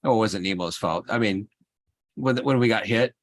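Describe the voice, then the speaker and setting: A man hosting a livestream in casual chat, telling an animated, rambling story. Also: fairly low pitch, moderate pace. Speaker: livestream host.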